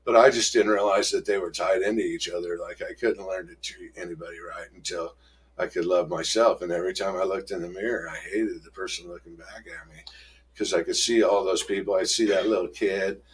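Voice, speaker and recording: A middle-aged man candidly telling his life story in an interview, rough-spoken, acting out old arguments in raised voices. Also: deep voice, fairly even intonation, brisk.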